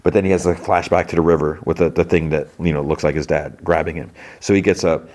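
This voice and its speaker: A man with a very low voice talks through a TV episode, recapping it scene by scene. His delivery is loose and rambling, full of filler words and restarts, like a casual podcast host catching listeners up. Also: steady tone, quick pace, a little mellow.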